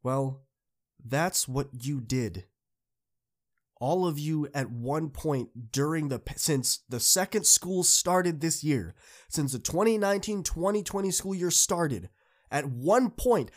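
A man's voice: fairly high pitch, lively intonation, unhurried. A man hosting a podcast, giving an earnest, encouraging motivational talk to students that builds to emphatic peaks. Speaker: podcast host.

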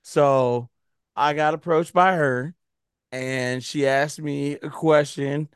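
Male podcast host, unhurried and smooth, laid-back and joking, dry close sound. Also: fairly high pitch, fairly even intonation, no echo. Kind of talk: casual chat.

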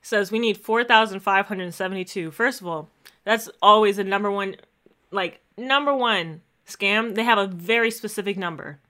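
Bright-voiced sarcastic woman chatting. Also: mid-range voice, moderate pace. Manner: sarcastic, laughing, reads emails aloud mockingly. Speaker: podcast co-host. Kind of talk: casual chat.

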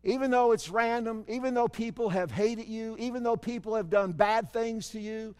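A man preaching a sermon, asking the congregation rhetorical questions, with animated swells and sudden drops in loudness. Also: high-pitched, gravelly. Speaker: pastor. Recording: long hall reverb.

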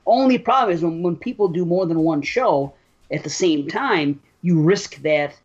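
A man's voice: on the high side, animated, normal speed. A man hosting a podcast, rambling and joking in casual chat. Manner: rambling, joking, frequent laughs. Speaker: podcast host. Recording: dull lo-fi podcast audio.

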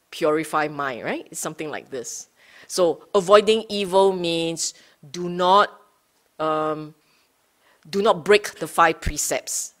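A woman with a lowish voice gives a Dhamma talk to a small group of students. She speaks very slowly and deliberately, restating her points and stopping to check in with her listeners. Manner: unhurried, often checks in with listeners; rephrases and repeats points for emphasis. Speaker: Buddhist Dhamma teacher.

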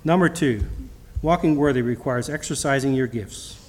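Preaching a church sermon laced with personal testimony, a middle-aged lay preacher talks in a mid-range voice with a somewhat dark tone. He stumbles and restarts often and reads his scripture from King James wording.

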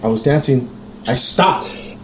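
A man telling a story in a casual podcast chat, animated and profane, acting out the quotes. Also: mid-range voice, slow pace, echoey room, slight background noise. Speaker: podcast co-host.

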